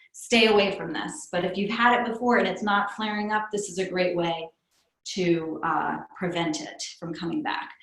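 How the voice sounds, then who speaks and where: A woman with young kids teaching a pilates class. She gives calm counted breathing cues and adds chatty asides. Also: medium pitch. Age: adult with young kids. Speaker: pilates instructor. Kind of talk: guided fitness class instruction. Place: fitness studio. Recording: echoey room.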